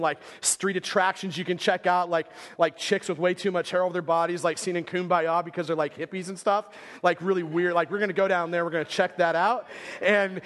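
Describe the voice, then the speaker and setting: Man, pastor, 30s, casual rambling sermon, high voice, long church hall reverb. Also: fairly bright tone. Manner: casual, rambling, lots of "like" fillers. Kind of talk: storytelling sermon. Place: church sanctuary.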